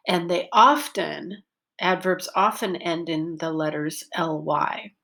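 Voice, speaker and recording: A woman teaching a pronunciation lesson, speaking slowly and carefully and drawing out words to show pitch changes. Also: animated, fairly bright tone. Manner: slow and deliberate, stretches words to show pitch. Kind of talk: slow, careful classroom lesson.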